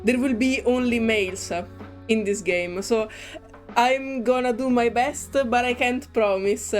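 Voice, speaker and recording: Italian-accented woman, playful game commentary, unhurried delivery, soft game music underneath. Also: on the high side. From Italy. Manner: playful and chatty, hums to herself. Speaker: gaming YouTuber. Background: faint game music.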